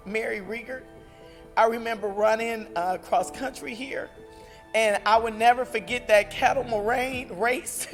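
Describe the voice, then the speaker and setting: A woman in her forties shares a heartfelt personal story as a returning alumna, halting with fillers and growing emotional. Her voice has a gravelly fry. It rings out in a long hall reverb with faint music beneath. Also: on the high side. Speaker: alumna speaker.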